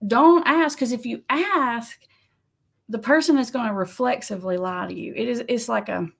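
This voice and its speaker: Gravelly-voiced woman counselor. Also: fairly high pitch, normal speed. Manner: conversational, animated, laughs often, acts out quotes. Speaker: addiction counselor. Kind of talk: casual advice talk to camera.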